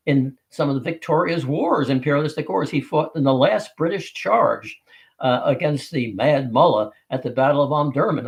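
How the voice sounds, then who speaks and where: A man's voice: on the high side, poor audio. A man talking through history at an easy, unscripted pace. He rambles, stops to restart his sentences, and leans on fillers as he goes. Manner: rambling, many restarts and fillers, chuckles now and then. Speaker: history presenter. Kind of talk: casual history talk.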